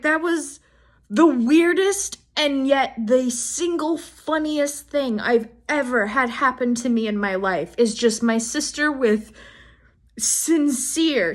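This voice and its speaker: A young woman vlogger telling funny stories in a casual, animated way, swearing freely and laughing as she goes. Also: high-pitched. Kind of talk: casual storytime.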